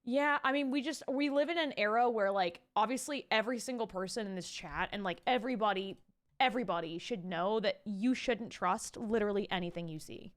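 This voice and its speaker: A young woman streaming live, chatting and ranting to her viewers in an animated way, swearing casually. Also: mid-range voice, fairly quick. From Canada. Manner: animated, ranty, swears casually, talks to chat.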